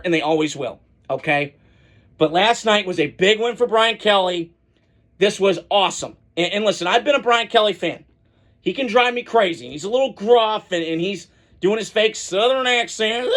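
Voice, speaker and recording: A man's voice: sits high, fairly bright tone. A man hosting a college football podcast, giving casual, opinionated solo commentary with rambling asides and frequent restarts.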